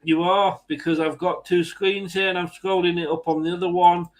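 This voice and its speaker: A high-pitched English man hosts a loose football chat. He talks easily, laughs often and restarts his sentences. The feel is relaxed banter among friends. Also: normal speed, low-quality recording. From England. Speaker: host.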